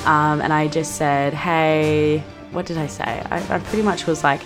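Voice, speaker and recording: A young woman in her twenties, hosting a podcast and telling a story in a brash, sweary, animated way. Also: low voice, a little slow, hardly any pauses, over music. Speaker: podcast host. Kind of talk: casual storytelling monologue.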